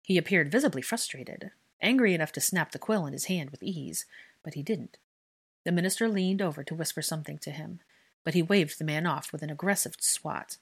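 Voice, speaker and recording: Low, husky woman narrating a story. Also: fairly quick. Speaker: fan fiction narrator. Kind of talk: audiobook narration.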